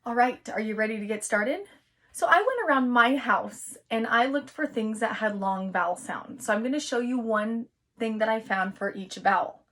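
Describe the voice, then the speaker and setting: A woman teacher giving a recorded lesson to young children, patient and encouraging, sounding out words slowly. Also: fairly high pitch, animated, a bit bright.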